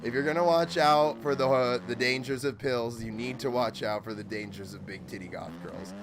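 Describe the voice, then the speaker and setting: A man's voice: medium pitch, normal speed. A man live-streaming a motocross game, chatting loosely and swearing, rambling with lots of "like" and "dude". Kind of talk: casual live-stream chat while gaming. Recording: motorbike game engine noise behind.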